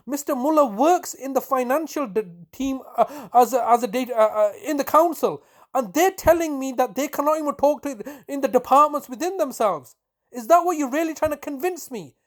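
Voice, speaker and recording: A man's voice: very high-pitched, lively intonation, normal speed. A man with a British accent delivering an angry, accusing monologue, sarcastic and stumbling over restarts. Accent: British English. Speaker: complaining relative.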